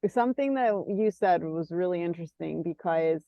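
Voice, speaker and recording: A woman's voice: fairly low pitch, expressive, normal speed, creaky, dry recording. A woman interviewing on a podcast, responding in an encouraging, affirming way before asking her question. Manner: warm and encouraging, affirming the guest. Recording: dull, dry, lo-fi sound.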